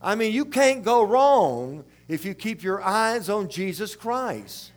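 An older man from South Louisiana with its accent, preaching a sermon in a rambling, folksy, animated way. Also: high-pitched, takes it slowly.

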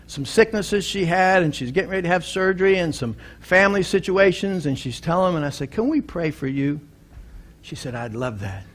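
High-voiced pastor preaching with rising fervor. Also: male voice. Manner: storytelling, building to loud emphatic preaching. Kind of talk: sermon.

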